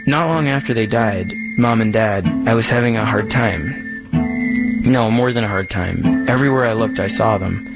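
A man's voice: on the low side, moderate pace, close to an everyday voice. A man voicing a troubled young man who speaks earnestly and confessionally. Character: troubled young male billionaire, brooding and intense. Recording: music playing underneath.

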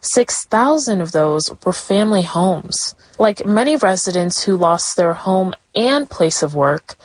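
A woman reporter giving clear, steady news narration. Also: fairly low pitch, measured pace, dry recording.

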